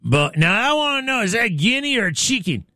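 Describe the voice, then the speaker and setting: A man's voice: high voice, big pitch swings, brisk, pushed and bright, a little hiss or hum. A man hosting a show, commenting bluntly on played clips and firing off rhetorical questions. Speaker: show host.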